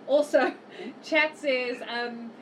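A woman playing a tabletop game, animated and giggly as she describes her character. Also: high-pitched, very slow. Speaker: player. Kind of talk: tabletop role-play. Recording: distant mic with faint noise.

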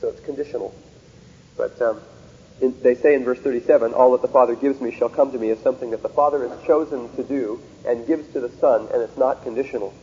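A theology lecturer works methodically through Bible verses, reading scripture aloud with emphasis and checking in with rhetorical questions like "See?" and "Okay?". His voice is medium-pitched, darkish and fairly even, delivered at a quick pace on dull-sounding audio.

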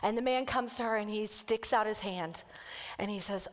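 A woman kids' pastor telling a story in a sermon and then leading the congregation through a slow, earnest breathing prayer. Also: mid-range voice. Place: church sanctuary. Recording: church hall with long reverb.

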